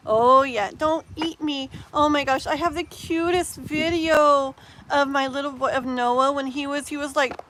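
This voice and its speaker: Woman, 30s, live-stream tarot reader, chatty and rambling, slightly higher voice, faint background hiss. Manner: chatty and animated, rambling with fillers. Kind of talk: live-stream chat with viewers.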